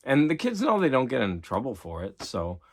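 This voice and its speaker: A middle-aged man chatting on his own show, loose and unscripted. He rambles, circles back, and leans on "like" as he thinks aloud. His pitch sits in an ordinary middle range for a man. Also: wildly swooping pitch, fairly quick. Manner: rambling, repeats himself, filler-heavy with "like". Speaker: teacher and collector vlogger. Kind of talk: casual rambling monologue.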